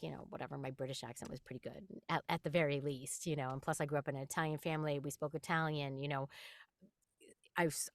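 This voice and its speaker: A middle-aged woman from New York, a voice actress guest chatting in an interview, animated and quick to laugh while acting out quotes. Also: sits low, no echo, studio quality. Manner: animated storyteller, laughs often, acts out quotes. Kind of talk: casual interview chat.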